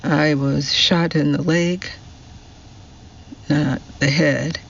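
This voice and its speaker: A man voicing an injured elderly retired army major who speaks in a dry, wry, hoarse whisper. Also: on the high side, steady tone, extremely slow, lo-fi sound, a little hiss or hum, full character voice. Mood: wry, weak.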